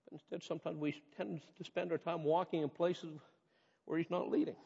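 High-ish raspy guy preaching in a church, earnest, gets fired up, big echoey hall, kinda muffled audio. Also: little pitch movement, fairly quick, warm tone. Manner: earnest, conversational preaching that swells into impassioned peaks. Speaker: pastor. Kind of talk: sermon. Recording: reverberant hall, dull muffled sound.

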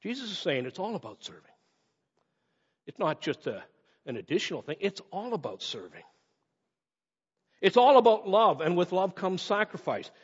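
A man preaching a sermon with animated delivery, slowing down for emphatic phrases and speeding through quick asides. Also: high-pitched, slightly rough. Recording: muffled sound in a reverberant hall.

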